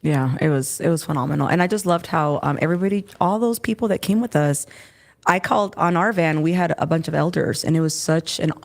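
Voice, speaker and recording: Emotional low-voiced woman in her thirties. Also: a little fast, creaky. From Rio Grande Valley, Texas. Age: 30s. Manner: emotional, rambling with restarts. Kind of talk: emotional casual chat.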